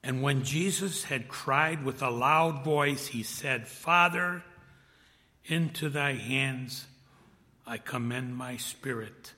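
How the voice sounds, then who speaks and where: Slow preacher in a reverberant hall. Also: male voice, medium pitch. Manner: slow, swells loud then drops to a hushed whisper. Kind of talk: sermon reading scripture.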